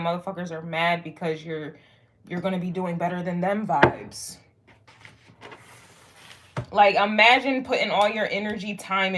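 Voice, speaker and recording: A young woman giving a casual spoken astrology reading to viewers, rambling and frank, swearing freely and filling pauses with "like" and "um". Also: mid-range voice. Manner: rambling, frank and profane, lots of fillers. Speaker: tarot and astrology reader.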